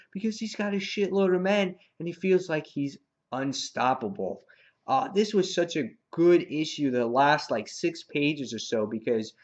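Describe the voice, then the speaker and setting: Man, casual comic book review, rambling, fillers and slang, fairly high voice, dull lo-fi recording.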